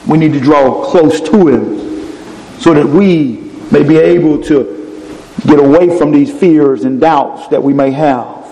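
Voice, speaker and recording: A man preaching a sermon, emphatic, climbing sharply in pitch on key phrases. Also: unhurried, mellow. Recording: echoey hall with long reverb.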